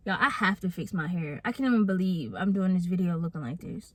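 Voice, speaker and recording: A woman's voice: on the low side, a little fast, no echo. A woman in her twenties telling a candid storytime to camera, chatty and casual, often calling her viewers y'all. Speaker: vlogger. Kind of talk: storytime vlog talking to camera.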